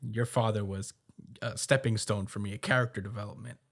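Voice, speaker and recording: Low-voiced man casually recapping a chapter. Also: steady tone. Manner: loose, filler-heavy retelling with quick quoted asides and laughs. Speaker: podcast co-host recapping a manga chapter. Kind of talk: casual podcast chat.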